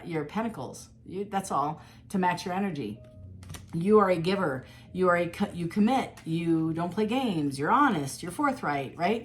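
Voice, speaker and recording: A woman reading tarot cards in a casual, animated monologue, acting out quoted voices and laughing often. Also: lowish voice, slight background noise. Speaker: tarot reader.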